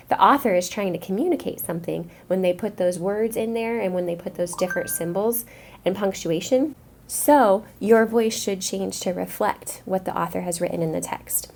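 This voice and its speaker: A woman's voice: medium pitch, dark tone. Woman teacher explaining a reading lesson. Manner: clear, encouraging classroom explaining.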